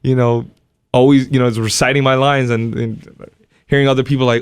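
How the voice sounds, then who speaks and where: A man's voice: medium pitch, little pitch movement, fairly quick, smooth, dry recording, studio quality. A man from Hawaii, a comedian and guest, chatting in a laid-back, easygoing way and laughing often. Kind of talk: casual interview chat.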